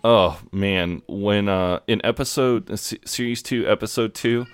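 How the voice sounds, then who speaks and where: A man's voice: on the low side, unhurried, smooth. A man co-hosting a podcast, chatting casually, swearing freely and often restarting his sentences. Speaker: podcast co-host. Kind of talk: casual chat.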